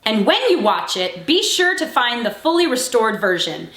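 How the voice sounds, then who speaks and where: Exasperated female film reviewer, high and very lively voice, echoey room. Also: normal speed. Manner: exasperated, animated ranting. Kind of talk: scripted review commentary.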